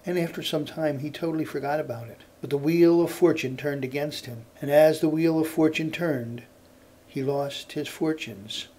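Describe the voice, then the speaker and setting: A male storyteller telling a folk tale in an unhurried cadence that repeats phrases for effect. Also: fairly high pitch, fairly even intonation, warm tone.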